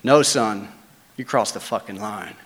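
A man voicing a drunk male copper thief who threatens in a low, quiet drawl. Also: unhurried, in a large hall. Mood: menacing.

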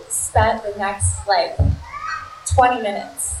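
A woman in her thirties telling a personal story to an audience in a chatty, animated way, full of "like". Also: mid-range voice, normal speed, reverberant, recorded from a distance, a little hiss or hum, low-quality recording. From United States (Maryland). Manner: chatty, animated, heavy use of "like".

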